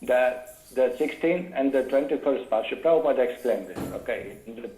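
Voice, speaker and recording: A man giving a scripture lecture, carefully explaining verses word by word and pausing to look up references. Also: mid-range voice, dark tone, reverberant, rough recording.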